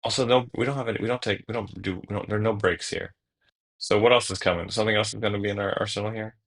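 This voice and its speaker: A man's voice: on the low side, fairly even intonation, racing, vocal fry, fairly bright tone. A young man streaming a card game, thinking aloud in casual, jokey commentary with the odd curse. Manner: thinks aloud, jokey, swears, mutters to himself.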